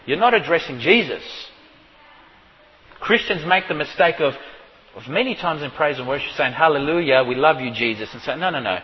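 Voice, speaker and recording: A man with a high voice preaches a sermon, reading verses and pressing his point with emphatic repetition. His voice rings out with a long reverb, as if he is speaking in a big hall. The sound is muffled and lo-fi. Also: expressive, normal speed. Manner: emphatic, rising to shouts when stressing a point; reads scripture aloud, repeats words and restarts. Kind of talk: sermon, Bible exposition.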